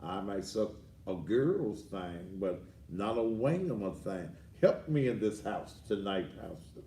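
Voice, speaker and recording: A man hosting a ranting commentary show, boisterous and rambling with sudden loud outbursts, heard on a distant mic. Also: fairly low pitch, big pitch swings, unhurried, reverberant. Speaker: host.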